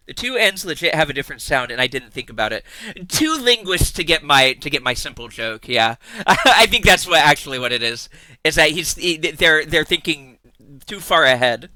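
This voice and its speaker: A man's voice: mid-range voice, pushed and bright. A young man streaming live, chatting casually with his viewers, teasing them, swearing freely and laughing often.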